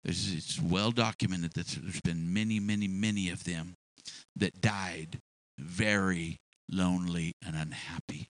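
A man's voice: low-pitched, steady tone, measured pace, low-quality recording. A man preaching a sermon in a storytelling way, drawing out key words for emphasis and often restarting his phrases.

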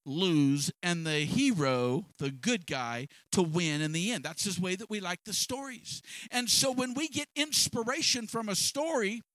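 A man preaching a sermon, reading scripture slowly and swinging between loud, emphatic bursts and soft, low asides. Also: expressive, dry recording. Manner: reads scripture slowly with stretched words. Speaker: pastor.

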